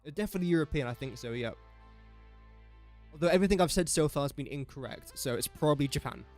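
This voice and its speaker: A young man with an English accent talks through his gameplay in a loose, rambling live-stream style, joking at his own expense and half-muttering his guesses. His voice sits a little higher than most men's, with faint music playing underneath. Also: fast talker, a little mellow. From England. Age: young adult. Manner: chatty, self-mocking, mutters while guessing. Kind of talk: casual live-stream commentary.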